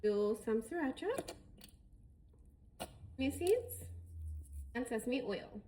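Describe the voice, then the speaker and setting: Woman, cooking vlogger, fairly high voice, chatty, faint background noise. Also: lively intonation, takes it slowly, mellow. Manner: chatty, talks while preparing food. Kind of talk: casual cooking narration.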